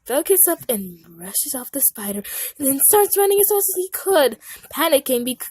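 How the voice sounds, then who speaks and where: A young woman casually reading out a fan story, with giggly, lively asides. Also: sits high, moderate pace.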